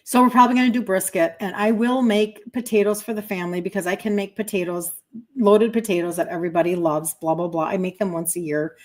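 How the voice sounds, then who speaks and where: A woman's voice: mid-range voice, fairly even intonation, quick pace. A woman in her fifties, a health coach hosting a livestream, telling a chatty story in a casual way and breaking off to thank viewers. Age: 50s.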